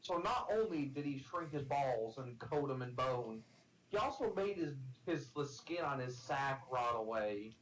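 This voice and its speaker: A man's voice: mid-range voice, expressive, a little slow, a bit bright, slight background noise, low-quality recording. Rambling man on a game stream. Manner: rambling storyteller, many fillers and restarts, teasing. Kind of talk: casual chat on a game stream.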